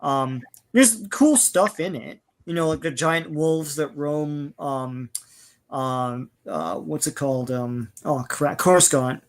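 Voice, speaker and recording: Man rambling through opinions, slightly high voice. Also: takes it slowly. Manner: opinionated, rambling, laughs often. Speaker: podcast co-host. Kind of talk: casual chat.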